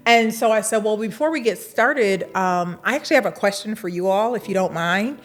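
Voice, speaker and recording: A middle-aged woman, a university administrator, telling a lively story in an interview, acting out the dialogue and laughing now and then. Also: mid-range voice, a little fast.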